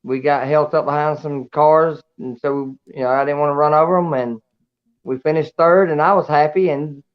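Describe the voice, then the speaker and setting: A man's voice: a little high, steady tone, moderate pace, clear, resonant tone. Man, plain-spoken, casual call-in interview, lo-fi call audio. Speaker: race winner guest. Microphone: video call. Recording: dull, muffled call audio.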